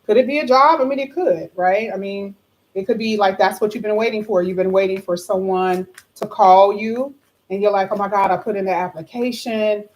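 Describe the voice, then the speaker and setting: A woman giving a tarot card reading to her viewers, chatty and animated, her voice a little hoarse. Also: medium pitch, moderate pace, slight background noise, low-quality recording. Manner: animated, excited exclamations, chatty asides to viewers. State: slightly hoarse. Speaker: tarot reader.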